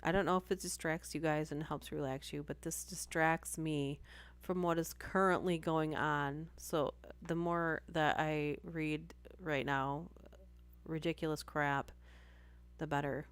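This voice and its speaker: A woman's voice: low voice, steady tone, a little slow, clear, resonant tone, no echo. A woman hosting a live stream, reading stories aloud and breaking off for chatty asides and apologies.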